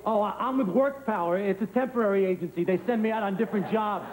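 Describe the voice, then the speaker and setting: An actor playing a nervous, rambling temp worker who fills in for a rock star, in a TV sketch, stammering and fidgety. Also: male voice, high voice, quick pace, lightly acted. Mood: flustered. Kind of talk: TV sketch comedy. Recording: noisy TV broadcast recording.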